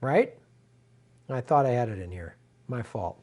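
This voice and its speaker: A man's voice: mid-range voice, expressive, measured pace, a little mellow. A middle-aged man hosting a political live stream, ranting furiously at viewers with heavy profanity and lots of repetition. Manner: profane and furious, repeats himself, addresses viewers directly.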